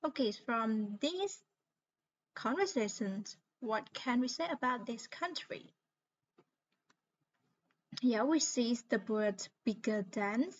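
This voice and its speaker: Khmer accented lady teaching english grammar, talks real slow, spells stuff out, kinda muffled lo-fi sound. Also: a little high. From Cambodia. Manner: patient step-by-step explaining, spelling out letters. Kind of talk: recorded grammar lesson. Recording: slightly muffled lo-fi recording.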